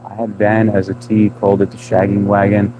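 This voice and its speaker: Laid-back livestream host, male, fairly low voice, accent mixing Indian and New England, faint noise behind. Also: fairly quick. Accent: mix of Indian and New England. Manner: relaxed, chatty, laughs often, trails off in restarts. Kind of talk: casual live-stream chat reading comments.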